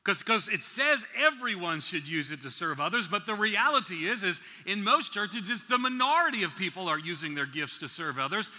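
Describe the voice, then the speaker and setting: The speaker is a man from the New York City area whose voice sits high and sounds bright, forceful, and animated. At a conference, his sermon uses slow, deliberate emphasis on key words along with playful asides, all echoing in a large, reverberant hall.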